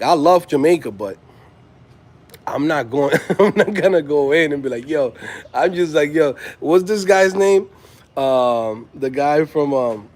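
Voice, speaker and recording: A man's voice: on the high side, a little mellow. A man in his thirties hosting a loose, slangy casual chat and laughing often. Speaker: host.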